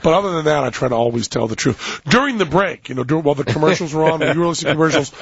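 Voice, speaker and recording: Gravelly American man hosting radio. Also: a little high, animated, racing, muffled recording. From United States. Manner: rambling, self-interrupting storyteller. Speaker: radio show host. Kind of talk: casual radio chat with storytelling. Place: radio studio.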